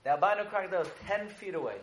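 A rabbi with a high-pitched, rapid-fire voice gives a humorous Torah lesson in an echoey room. He jokes, tells stories, and quizzes his listeners.

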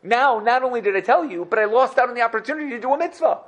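Man doing a wise old rebbe, knowing, gently firm, lifted high voice. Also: wildly swooping pitch, fast talker, exaggerated voice. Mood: pointed. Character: wise male Hasidic rebbe, calm, knowing.

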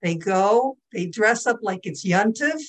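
A middle-aged woman giving a Jewish religious lesson, telling stories in an animated, conversational way and checking in with her listeners. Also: medium pitch, unhurried, low-quality recording. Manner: animated, conversational, asks the audience "okay?" and "hello?". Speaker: Torah teacher.

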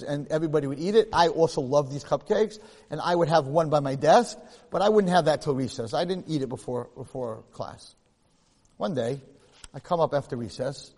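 A man, a rabbi and teacher, telling a personal story in a lecture, animated and rising to loud excited bursts. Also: on the high side. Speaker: rabbi and teacher giving a talk. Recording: long hall reverb.

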